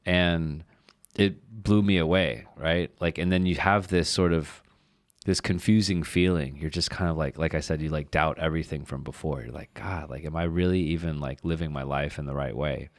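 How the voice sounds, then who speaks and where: A man's voice: a bass voice, steady tone, moderate pace, no echo, studio quality. A man co-hosting a podcast, talking candidly in rambling, casual chat, full of fillers and frequent swearing. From lives in Shanghai, China. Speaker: podcast co-host.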